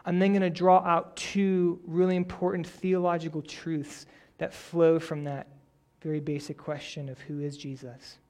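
A young adult male pastor who prays quietly, then preaches a story-driven sermon with building energy. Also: a little high, moderate pace. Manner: prays softly, then preaches with rising energy and animated stories.

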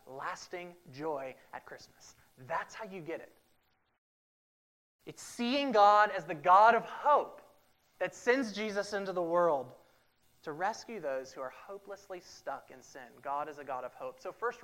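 Male pastor, emphatic sermon delivery, repeats his points. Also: high voice. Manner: emphatic, repeats key phrases, swings from loud to hushed.

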